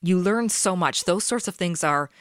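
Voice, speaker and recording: A woman's voice: on the low side, lively intonation, normal speed, fairly bright tone, no echo, clean studio sound. A woman hosting a faith-based radio show in a chatty, upbeat way, laughing easily as she talks to listeners. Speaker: podcast host.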